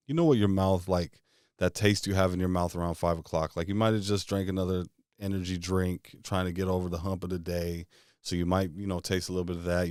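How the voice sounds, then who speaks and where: A man with a very deep voice leads a guided visualization, asking one casual question after another. His voice sounds close and dry, with no room around it. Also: a little mellow, dry recording. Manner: string of rapid questions, casual phrasing. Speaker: motivational speaker.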